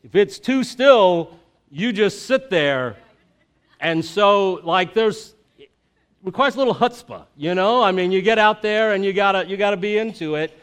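Pastor, man, middle-aged, relaxed sermon delivery with frequent fillers; clear, slightly high voice. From Florida. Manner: halting, many fillers and restarts. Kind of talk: conversational sermon.

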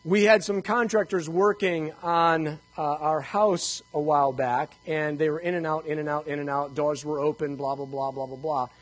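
An older man telling personal stories to a live audience in an animated, joking way, acting out the dialogue. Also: fairly high pitch, moderate pace, few pauses, rough recording. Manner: animated, jokey, acts out dialogue. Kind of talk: storytelling talk to a live audience.

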